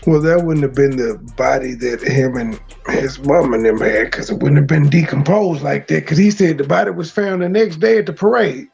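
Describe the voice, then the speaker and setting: A man's voice: a little high, moderate pace, vocal fry, a little mellow, soft background music. A man hosting a livestream who mocks and taunts another man in crude trash talk. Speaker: host of a commentary livestream. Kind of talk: mocking live commentary.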